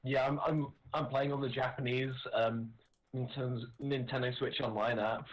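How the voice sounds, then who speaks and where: A man co-hosting a live chat show, delivering absurd jokes deadpan. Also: medium pitch, normal speed, low-quality recording. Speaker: co-host. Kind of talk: casual chat.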